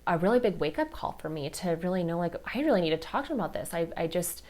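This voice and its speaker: Earnest low-voiced woman podcast host. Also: expressive, fast, a little mellow. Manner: candid, heartfelt, many fillers like "like" and "you know". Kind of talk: personal storytelling podcast.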